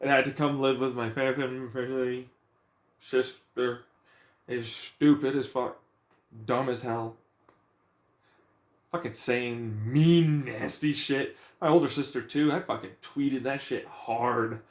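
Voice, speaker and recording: A young man rants about his frustrations in a profane, agitated, rambling way, his voice sitting at an ordinary pitch. The recording has a noticeably roomy echo around him. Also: fairly even intonation, takes it slowly. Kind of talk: venting personal rant. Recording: echoey room.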